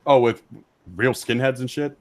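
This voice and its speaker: A man hosting a stream from a back room of his house, ranting loudly and mockingly with heavy profanity. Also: medium pitch, fairly even intonation. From Texas. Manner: loud, mocking, rapid rant. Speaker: stream host.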